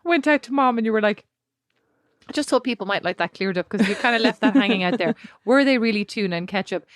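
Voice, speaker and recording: A woman's voice: fairly high pitch, fast talker, no echo, studio quality. An Irish woman co-hosting a podcast, playful and teasing, reading listener messages aloud. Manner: playful, teasing, laughs easily. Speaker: podcast co-host.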